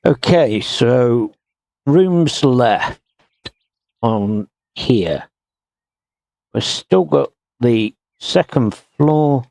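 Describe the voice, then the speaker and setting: Male streamer, very slow and gravelly, thinking aloud over gameplay, dry close sound. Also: medium pitch, animated, a little mellow, no room sound. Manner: slow, muttering to himself while working. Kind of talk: casual gameplay commentary.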